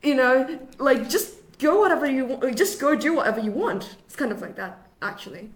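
A woman's voice: high-pitched, animated, brisk. A young woman, a university student guest, chatting casually on a podcast in a put-on British accent, laughing often and filling with "like". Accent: British English, put on for the show. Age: young adult. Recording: roomy echo.

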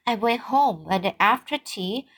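A woman's voice: on the high side, animated, measured pace, fairly bright tone. A woman reading the part of an earnest, apologetic teenage girl who speaks pleadingly.

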